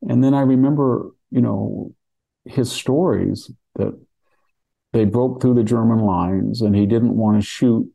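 A man's voice: lowish voice, unhurried, vocal fry, dark tone, slightly rough. An older man from California talking through history in a rambling, casual way, with many restarts and asides. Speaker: podcast host discussing history.

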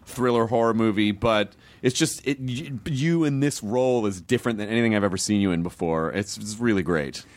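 A man with an American accent hosting a podcast, joking in casual chat. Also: lowish voice. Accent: American English. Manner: fast, joking. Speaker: podcast host.

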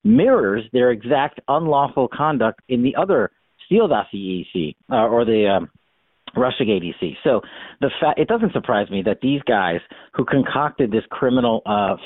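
A man's voice: mid-range voice, very animated, moderate pace, no echo. A man giving emphatic, argumentative political commentary as an interview guest. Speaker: guest, former congressional investigator. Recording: tinny phone-line sound, dry.

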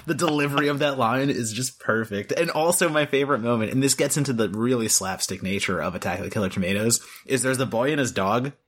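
A man's voice: medium pitch, fast, hardly any pauses, a bit bright, a little hiss or hum. A man co-hosting a podcast, talking casually about a movie and retelling scenes with quoted lines. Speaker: podcast co-host.

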